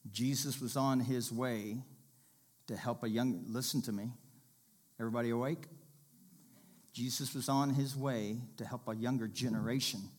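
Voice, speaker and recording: A male preacher at a mid-range pitch, reading scripture and preaching with dramatic swings in loudness and emphasis. He keeps turning to the congregation with direct calls for their attention. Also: moderate pace, long pauses. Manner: dramatic, animated reading with sudden loud and soft turns.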